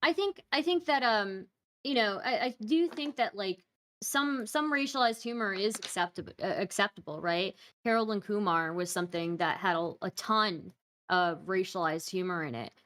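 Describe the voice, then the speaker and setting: A woman's voice: medium pitch, normal speed, fairly bright tone. Hesitant female panelist. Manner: hesitant, many restarts. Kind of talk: casual panel chat.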